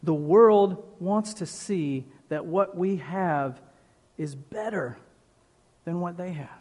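Slow, emphatic preacher in a big hall. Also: male voice, sits high, darkish tone. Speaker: pastor. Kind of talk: sermon. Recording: long reverb of a large hall.

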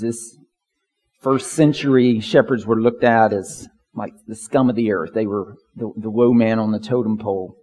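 A man's voice: medium pitch, darkish tone, breathy edge. Man preaching in a reverberant hall. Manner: emphatic preaching, builds to fervent lists. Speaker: pastor. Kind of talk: sermon.

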